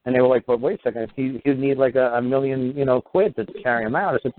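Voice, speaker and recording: A man's voice: medium pitch, fast talker. Man telling a story over a tinny phone line. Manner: animated, acts out quoted voices. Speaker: talk show host. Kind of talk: casual storytelling monologue.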